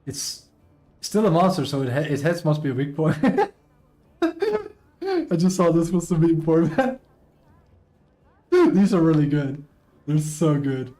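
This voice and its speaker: Male streamer, casual live chat, excitable and swears freely, a touch high-pitched. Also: slow pace, pauses often. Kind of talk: casual live-stream commentary, reading posts aloud.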